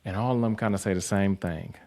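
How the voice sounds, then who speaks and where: Blunt, profane man with a low voice. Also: brisk. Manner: profane, animated, mocking. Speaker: host. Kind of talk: blunt motivational monologue.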